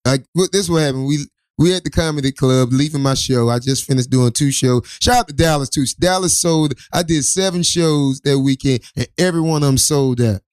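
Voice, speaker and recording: Man, casual rambling storyteller, raised pitch, dry close mic. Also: brisk, a little mellow, no echo. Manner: loose, profane, rambling storyteller with many restarts. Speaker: co-host.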